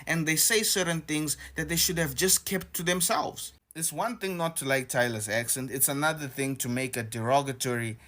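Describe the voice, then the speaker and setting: A man giving reaction commentary in a calm, pleading manner. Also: a little high, moderate pace, few pauses.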